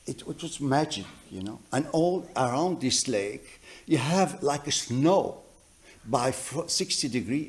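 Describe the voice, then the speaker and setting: This is a double bass teacher in a music college room, recounting anecdotes to his class. His phrasing stalls and loops back as he looks for words, then lands with emphasis, all in an animated, emphatic storytelling style.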